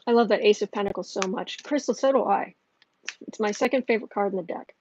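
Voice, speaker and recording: A woman's voice: medium pitch, fast talker, a little mellow, dull audio, a little hiss or hum. A woman hosting a livestream tarot reading, heated and ranting, often restarting her sentences. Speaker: tarot reader and channel host.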